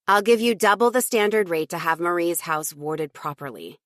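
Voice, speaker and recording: A woman's voice: on the low side, expressive, normal speed, a bit bright, dry recording, clean studio sound. A woman voicing a young green witch who speaks earnestly and a little flustered. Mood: firm.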